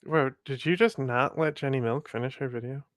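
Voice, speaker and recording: A man's voice: medium pitch, a little fast, a bit bright, no room sound, studio quality. A man co-hosting a live reaction stream, chatting loosely, laughing often and swearing freely. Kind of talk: casual chat with frequent laughter and swearing.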